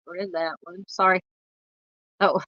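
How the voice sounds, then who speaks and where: A woman in her forties with a Southern US accent, hosting a true crime livestream and chatting loosely with viewers, halting and full of fillers. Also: fairly low pitch, little pitch movement, dry recording, muffled recording. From United States. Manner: rambling, halting, lots of fillers while searching the screen. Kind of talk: casual livestream chat reading comments.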